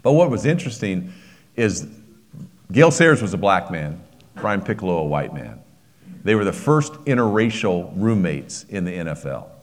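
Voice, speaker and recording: Deep voiced middle-aged preacher guy, heartfelt story, stumbles and restarts a lot. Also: big pitch swings, moderate pace. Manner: personal, emotional storytelling with frequent restarts. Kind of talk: sermon storytelling.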